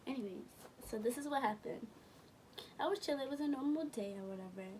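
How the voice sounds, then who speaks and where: Young woman rambling thru a story, kinda high voice, bit far from the mic with faint noise behind. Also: expressive, fast talker, darkish tone. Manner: rambling, self-correcting, slangy. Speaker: vlogger. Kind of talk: casual storytime. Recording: from a distance with faint room noise.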